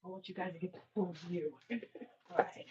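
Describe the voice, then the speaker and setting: A middle-aged woman hosting a live-streamed book event. She is animated and laughs often as she talks to the audience. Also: on the low side, fairly quick, noisy background. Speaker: host and author. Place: bookstore event space. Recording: dull lo-fi sound.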